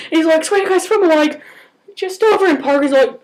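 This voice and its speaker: A teenage girl telling an excited, gushing story and often breaking into giggles. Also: sits high, a little fast. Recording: noisy home video.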